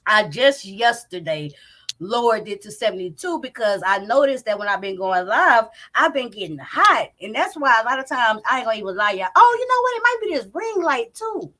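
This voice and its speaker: A woman hosting a live commentary stream from home, loud and profane, talking straight to her chat. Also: on the high side, sing-song, moderate pace. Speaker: commentary channel host. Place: home, indoors. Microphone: not on camera, live stream mic.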